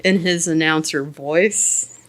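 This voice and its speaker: A woman's voice: deep voice, fairly even intonation, slow, a crowd in the background. A woman who is a co-author guest on a podcast, chatting casually and chiming in upbeat.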